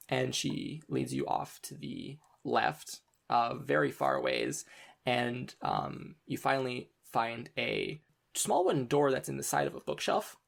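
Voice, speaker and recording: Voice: medium pitch, measured pace, gravelly. A game master narrating a tabletop game, meandering with many ums and restarts.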